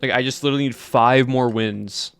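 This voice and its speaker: A man's voice: medium pitch, fairly even intonation, a little fast, creaky, clear, resonant tone, no room sound. A young man streaming a game, chatting casually and rambling to his chat. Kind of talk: casual livestream chat while gaming.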